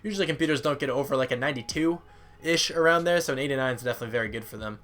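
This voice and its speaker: A gaming YouTuber, a tired young man, races through casual, rambling commentary on a football video game in a medium-pitched, fairly bright voice. He reads out stats, pokes fun at himself, and his voice sometimes cracks.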